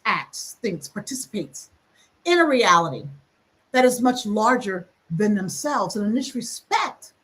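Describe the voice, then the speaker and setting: A woman hosting a reflective teaching talk, speaking emphatically and acting out quick asides. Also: medium pitch, a bit bright. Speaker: host.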